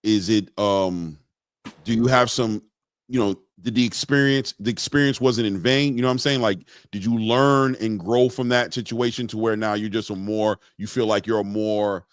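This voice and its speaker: Man, interview host, lowish voice, rambling questions, lots of fillers, dry close sound. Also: moderate pace, dry recording. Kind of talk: casual interview talk.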